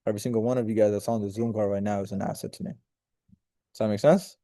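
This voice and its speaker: A man's voice: on the low side, steady tone, fast talker, warm tone, dry recording, studio quality. A man leading a group video call, giving a casual, rambling motivational talk with profanity and direct questions to his listeners.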